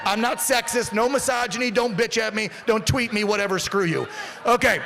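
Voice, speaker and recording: Brash high-voiced male rally speaker. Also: fairly quick, vocal fry, soft background music. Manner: brash, profane, shouting to a crowd. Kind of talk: fired-up rally speech.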